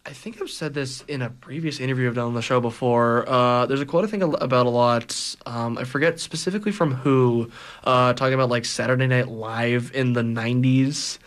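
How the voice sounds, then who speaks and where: A man's voice: medium pitch, brisk. A young man from Saskatchewan hosting a casual campus radio interview, chatty, with lots of fillers and laughs. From Saskatchewan, Canada. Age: young adult. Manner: chatty, laughs often, lots of likes and ums. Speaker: radio show host.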